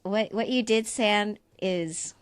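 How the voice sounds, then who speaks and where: A woman's voice: medium pitch, slow pace, smooth. A woman co-hosting a podcast, speaking with enthusiastic, effusive encouragement and repeating herself for emphasis. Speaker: podcast co-host. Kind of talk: casual interview chat.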